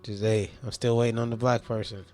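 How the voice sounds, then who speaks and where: A man's voice: on the low side, level tone, fairly quick, darkish tone, faint music behind. A man co-hosting a podcast, chatting casually with laid-back, blunt quips. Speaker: podcast co-host. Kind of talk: casual chat.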